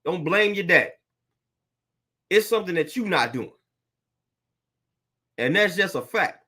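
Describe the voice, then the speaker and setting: A man's voice: high-pitched, animated, a little slow, sharp tone. A young adult man, a fitness trainer, ranting bluntly and preachily to camera, repeating himself and using slang. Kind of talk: blunt motivational rant to camera.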